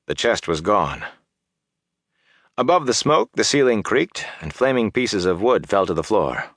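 A man narrating a fantasy audiobook in a steady, measured storytelling voice. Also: lowish voice, no room sound, studio quality.

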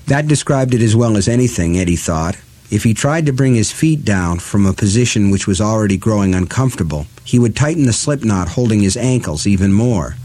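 A man narrating a novel as an audiobook reader, with a measured, even delivery. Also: lowish voice. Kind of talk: scripted narration.

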